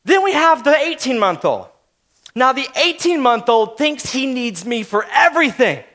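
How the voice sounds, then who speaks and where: High-voiced man telling a sermon story. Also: big pitch swings, moderate pace, a bit bright. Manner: storytelling, conversational, speaks to the audience. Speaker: pastor.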